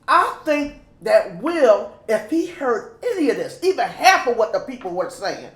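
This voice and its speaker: High-voiced older woman chatting. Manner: animated, drawn-out storytelling. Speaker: podcast co-host. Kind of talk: casual chat. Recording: roomy echo.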